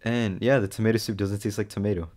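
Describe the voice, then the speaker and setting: Low-voiced young man telling stories. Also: fast talker. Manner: storytelling, swearing, animated quoting. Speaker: podcast co-host. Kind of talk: casual chat.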